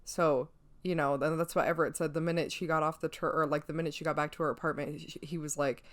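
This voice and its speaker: A woman's voice: deep voice, fast talker. A woman co-hosting a podcast, chatting casually and telling a movie's plot with lots of "like.". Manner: chatty, lively storytelling with frequent "like". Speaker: podcast co-host. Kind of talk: casual movie review chat.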